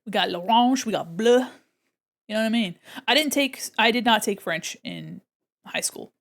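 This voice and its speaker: A woman's voice: on the high side, normal speed, fairly bright tone. A young woman chatting casually to her livestream chat while she draws, giggling often and reading out viewer messages. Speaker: streamer.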